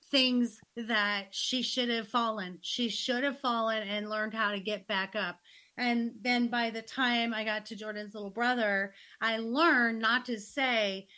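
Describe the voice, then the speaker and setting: A woman in her fifties hosting a podcast, a grandmother chatting casually and acting out quotes with laughter. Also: on the high side. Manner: animated, laughing, acts out quotes. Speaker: podcast host.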